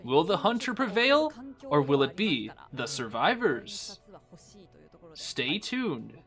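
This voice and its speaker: A man doing a deliberately rough impression of an action-movie strongman, announcing a match in a mock-dramatic voice. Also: a little high, sing-song, fairly bright tone, faint music behind, full character voice. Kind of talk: impression for a game stream.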